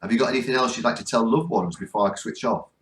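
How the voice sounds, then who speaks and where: This northern English man hosts a ghost hunt, and in a cold spot he uses a spirit box to urge the spirits to speak, pleading sincerely for responses. His medium-pitched voice is fairly bright and moves at a quick pace, with plenty of reverb.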